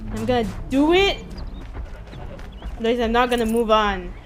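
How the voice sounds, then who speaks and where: A woman's voice: fairly high pitch, animated, moderate pace, slight background noise. Exasperated young woman streaming a game. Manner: exasperated, venting, chatty with viewers. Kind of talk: casual live-stream commentary.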